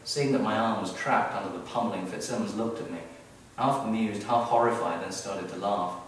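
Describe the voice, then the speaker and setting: A man reading his own story aloud at a live event, wry and expressive, building up the action. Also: on the low side, brisk, slight background noise. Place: event hall, heard from the audience area. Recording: very echoey hall, mic far off.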